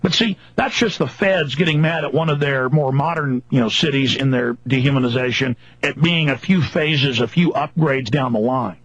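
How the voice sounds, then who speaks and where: A man's voice: medium pitch, normal speed, few pauses, fairly bright tone, breathy edge, no echo. A man hosting a talk radio show, ranting angrily and mockingly in long emphatic lists. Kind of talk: angry political radio rant. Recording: dull lo-fi radio broadcast.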